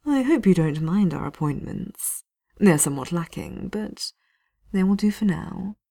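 A woman reading aloud and voicing a smug, sadistic male knight captain who croons his words slowly and with relish. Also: on the low side, lively intonation, creaky, dark tone, exaggerated voice. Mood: silky menace. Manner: silky, crooning, slow and relishing.

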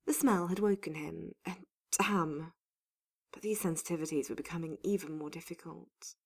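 A woman narrating a fantasy story in an unhurried, even reading voice. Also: deep voice, breathy edge. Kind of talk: audiobook narration of fan fiction.

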